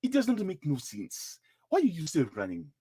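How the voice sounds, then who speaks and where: A man's voice: a little high, huge pitch swings, moderate pace, dark tone, breathy edge, exaggerated voice. A man putting on a mock African accent to voice an exasperated man who scolds someone and tells them to sit down. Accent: put-on African. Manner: scolding, repetitive, emphatic.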